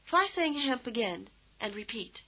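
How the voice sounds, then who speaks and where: A fairly high-voiced woman reading scripted lesson instructions in a measured, explanatory way. The sound is dull and lo-fi, like old course audio. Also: very animated. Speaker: language course narrator.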